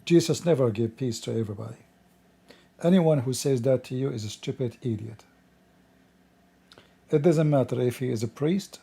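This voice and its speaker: A man hosting a scornful commentary, mocking and insulting in broken English, his voice strained and rough today. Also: mid-range voice, mellow. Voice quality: non-native English with broken grammar. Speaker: host.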